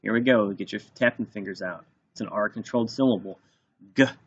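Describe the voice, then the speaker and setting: A male teacher slowly dictating a spelling test, sounding out each word and repeating it for young students. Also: fairly low pitch, husky. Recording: dull lo-fi recording.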